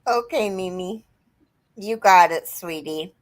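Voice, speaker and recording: A middle-aged woman chatting casually on a livestream, telling an animated family story. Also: on the low side, slow pace. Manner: animated storyteller, quotes her kids.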